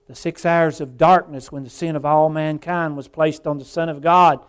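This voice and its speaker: A man preaching an evening church sermon, fervent, swinging between hushed and loud passages, quoting scripture and calling the congregation folks and brother. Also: a little high, steady tone, moderate pace, clean tone. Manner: quotes scripture in old-style wording.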